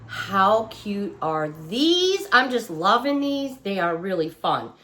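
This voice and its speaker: A woman's voice: mid-range voice, very animated, slow, a bit bright. Chatty woman on her couch showing off a haul, still a bit under the weather, keeps going oh my gosh. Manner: chatty, gushing exclamations. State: recovering from feeling under the weather. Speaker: shopping haul vlogger. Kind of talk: casual chat. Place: living room couch at home.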